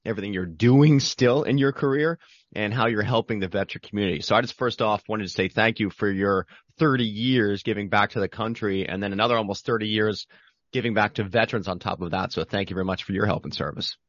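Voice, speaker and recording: A man hosting a podcast interview, upbeat and energetic, talking in a rambling casual way. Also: fairly low pitch, fast talker, no room sound, lo-fi sound. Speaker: podcast host.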